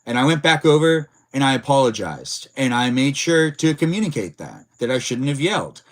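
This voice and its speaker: A man's voice: medium pitch, big pitch swings, normal speed. A man hosting a casual livestream, rambling with lots of filler words and answering chat messages. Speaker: livestream host.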